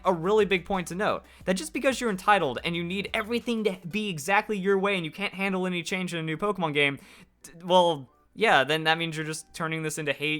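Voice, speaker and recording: A man's voice: fairly high pitch, sharp tone. A man giving opinionated video commentary on a game, reading from an interview and arguing his point in a ranting way with lots of "like". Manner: argumentative and ranting, heavy use of "like". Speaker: YouTube gaming commentator.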